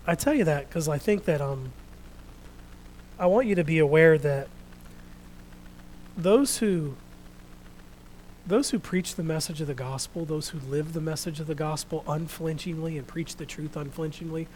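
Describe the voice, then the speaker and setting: A man preaching a sermon, reading scripture out loud and then talking quietly and earnestly to his congregation. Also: on the high side, a little hiss or hum, rough recording. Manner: reads scripture loudly, then speaks quietly and reflectively.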